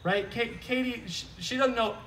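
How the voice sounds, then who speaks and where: There's a little hiss or hum as a pastor with a very high-pitched voice preaches outdoors at a moderate pace, somewhat distant from the mic. He's animated and joking, speaking conversationally and asking "right?" over and over.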